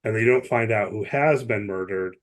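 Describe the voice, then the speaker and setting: Male podcast co-host, slightly low voice, rambling explainer, casual chat. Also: moderate pace. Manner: chatty, explains at length with many asides and restarts.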